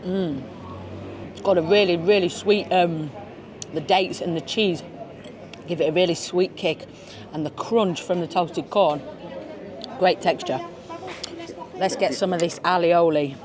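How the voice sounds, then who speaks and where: A food vlogger at a beachfront restaurant speaks in a lowish, unhurried voice with long pauses, a busy restaurant crowd behind her. She chats casually while tasting tapas, humming her approval at each bite.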